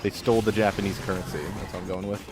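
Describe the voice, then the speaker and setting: A man hosting a casual live stream, chatting while he plays a game and breaking into loud swearing outbursts at it. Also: low voice, rapid-fire, over loud music. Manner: excitable, swears and shouts at the game. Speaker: streamer and show host.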